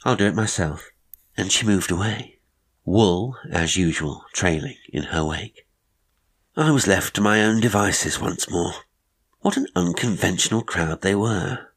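A man narrating an old ghost story in a measured, reflective way. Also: deep voice, fairly bright tone, slightly rough. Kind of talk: audiobook narration.

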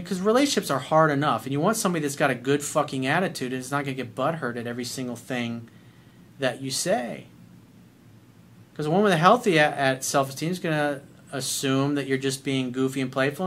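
A middle-aged man giving blunt, profane dating advice in an animated monologue. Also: on the high side, brisk, slight background noise. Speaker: dating coach.

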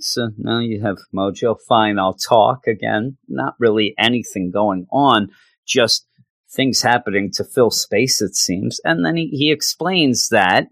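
With a fairly low pitch and fairly bright tone, this man hosts a podcast in a dry, echo-free recording. He gives a casual comic book recap, sarcastic and exasperated, with stammering restarts along the way.

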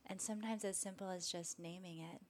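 A woman speaking as a meditation teacher in an interview, gentle and thoughtful, growing animated when she tells stories. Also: fairly low pitch, a little fast, slight background noise. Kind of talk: conversational interview.

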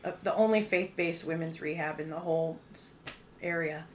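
A young woman's low voice carries a relaxed testimony she shares as a guest, told at a normal speed with lots of "um" and "like" and lively acted-out quotes. The recording has a little hiss or hum.

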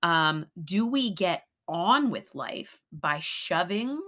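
A woman's voice: on the low side, expressive, takes it slowly, a bit bright. A middle-aged woman co-hosting a casual faith podcast, talking earnestly and emphatically, laughing often. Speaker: podcast co-host.

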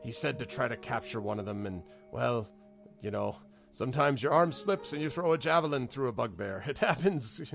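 A man's voice: medium pitch, animated, normal speed, creaky, a bit bright, soft background music. A man voicing a boisterous female warrior in a tabletop game, hearty and calling people love. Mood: wry.

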